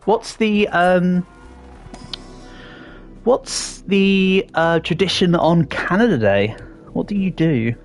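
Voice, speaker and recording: An Englishman with a somewhat posh accent chats away on a livestream, his pitch bouncing up and down as he reacts to chat. He talks playfully and often trails off into ums before restarting a thought. Faint game music plays underneath. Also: animated, takes it slowly, pauses often. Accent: English, fairly posh southern English. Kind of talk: casual livestream chat while gaming.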